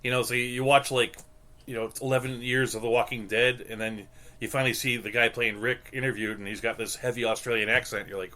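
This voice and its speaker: A man in his thirties co-hosting a podcast in casual chat, rambling with halting restarts and deadpan jokes. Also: medium pitch. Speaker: podcast co-host.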